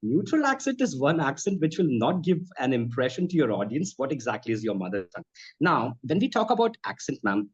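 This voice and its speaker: A man's voice: mid-range voice, big pitch swings, fairly quick, slightly rough. Earnest man. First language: Bhojpuri. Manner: earnest, advisory, keeps addressing her as ma'am. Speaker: spoken English and accent trainer. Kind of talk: conversational interview answers. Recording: slightly dull lo-fi audio.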